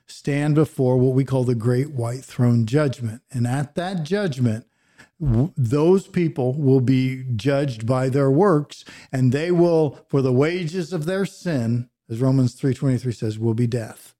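A man, a pastor and podcast co-host, teaching a Bible passage verse by verse in an earnest preaching manner that drops to a hush on solemn points. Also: mid-range voice.

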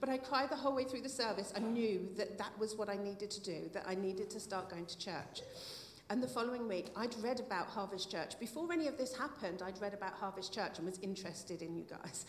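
Speaking fairly quickly in a mid-range voice, a middle-aged woman shares her personal testimony at a church gathering. Her words are heartfelt, sometimes tearful, broken by soft laughter. Faint noise and echo fill the hall.

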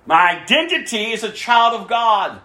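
Animated preaching man in an echoey room. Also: high-pitched, normal speed. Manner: emphatic preaching, rhetorical questions, shifts between loud and hushed. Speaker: pastor. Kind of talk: sermon.

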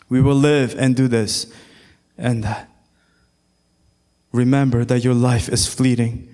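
Preaching slowly and with emphasis, this male pastor builds to loud, high-pitched exhortation and occasionally sings passages of scripture. His intonation stays fairly even.

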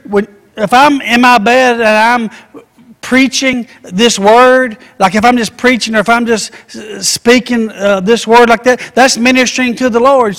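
A man's voice: very high voice, fairly bright tone. A man preaching a sermon, asking rhetorical questions and acting out everyday voices. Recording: echoey hall reverb.

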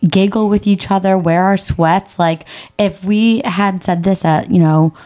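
A woman's voice: medium pitch, fairly even intonation, measured pace, warm tone. A woman in her twenties co-hosting a podcast, supportive and blunt in casual chat. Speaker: podcast co-host.

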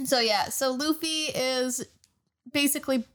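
A woman in her late twenties co-hosting a podcast, retelling an anime plot and acting out the characters in quick, animated bursts. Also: high voice. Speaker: podcast co-host.

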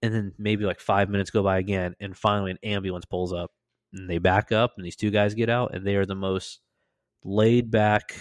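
Male podcast host, lowish voice, dry close sound, lively profane storyteller. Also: normal speed, dry recording. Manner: animated, profane, acts out quoted lines. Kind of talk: casual storytelling.

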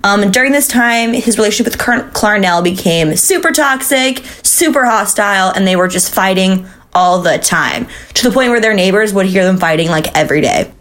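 A woman's voice: mid-range voice, expressive, moderate pace, few pauses, fairly bright tone. A woman co-hosting a true-crime podcast, telling the story in a casual, chatty way with fillers, swearing and laughs. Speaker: podcast co-host.

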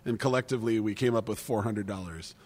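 A man's voice: on the low side, fast, a little mellow, husky. Swearing, rambling man in a reverberant room. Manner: rambling, profane, laughs easily. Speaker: podcast co-host. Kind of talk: casual wine-tasting chat. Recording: long reverb.

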